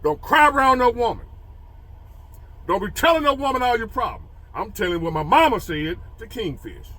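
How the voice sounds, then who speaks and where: A man with a high voice that swings all over as he talks. His tone is bright and sharp. He tells a story and preaches advice to other men, hammering key phrases again and again. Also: moderate pace. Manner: animated, preachy, repeats phrases for emphasis. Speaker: motivational storyteller.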